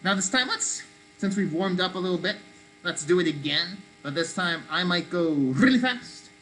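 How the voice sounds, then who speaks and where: A woman leading children in a playful call-and-response movement game, coaxing them to shout along. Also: fairly low pitch, animated, moderate pace, low-quality recording. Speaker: children's activity leader. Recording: faint mains hum.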